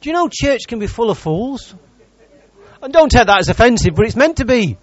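Lively, high-pitched preacher. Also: male voice, a little fast, dry recording, muffled recording. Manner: lively, teasing preacher who jokes with the congregation. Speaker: pastor. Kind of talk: sermon.

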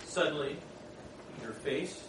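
A middle-aged man preaching a sermon, telling stories in an animated way and acting out the people in them. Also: a little high, slow. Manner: animated storytelling with laughs and acted voices. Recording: echoey room from far off, noisy.

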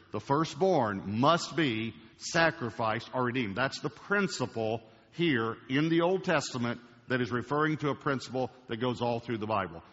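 A man preaching a sermon to a church congregation, emphatic, slowing down to stress key words. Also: medium pitch, fairly bright tone. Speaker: pastor. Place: large church auditorium. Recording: dull recording with long hall reverb.

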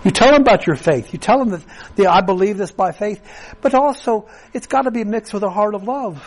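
A man's voice: high voice, a little fast, low-quality recording. A man preaching a sermon to his congregation, earnest and conversational, often restarting and repeating words as he goes. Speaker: pastor.

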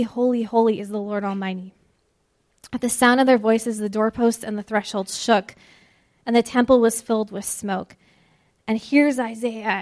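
A woman with a fairly high voice delivers a devotional talk to her listeners. She speaks earnestly, drawing out key phrases with deliberate pauses for emphasis. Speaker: ministry speaker. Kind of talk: devotional sermon.

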